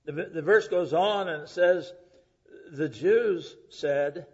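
A middle-aged male preacher delivering a sermon, rising to loud emphasis and dropping to hushed, whispered lines. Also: on the high side, takes it slowly, slightly rough. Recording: dull lo-fi recording.

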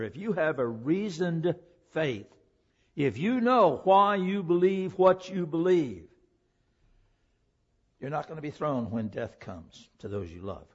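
High-voiced emphatic male preacher. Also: husky. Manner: emphatic, swings from loud declaring to hushed. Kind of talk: sermon. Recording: dull lo-fi recording.

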